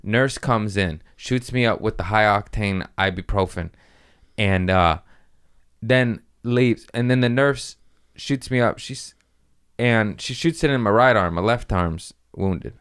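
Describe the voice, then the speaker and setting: A young adult man hosting a podcast, telling a story in casual chat, animated and profane, acting out voices and yelps. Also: fairly low pitch, measured pace, clean tone. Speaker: podcast host.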